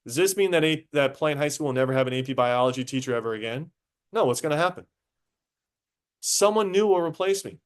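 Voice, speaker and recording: A man's voice: fairly high pitch, expressive, brisk. Chatty male biology teacher lecturing. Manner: casual, talkative, quizzes students directly. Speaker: high school biology teacher. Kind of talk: classroom lecture. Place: classroom with students.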